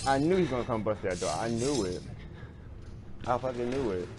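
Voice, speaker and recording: A man streaming a horror game live, reacting loudly with swearing and laughter. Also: medium pitch, expressive, moderate pace, background noise. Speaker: gaming streamer. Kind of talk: live horror gameplay commentary. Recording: game music behind voice. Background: game music.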